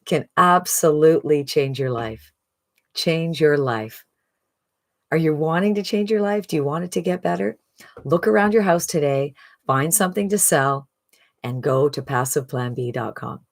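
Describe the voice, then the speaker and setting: A woman with a notably low voice gives an upbeat, motivational sales pitch. She talks straight to her viewers and keeps checking in with a quick "right?". The tone is that of a promoter rallying people. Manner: upbeat, repeats "right?" often. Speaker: online marketing promoter. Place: streaming live from a phone.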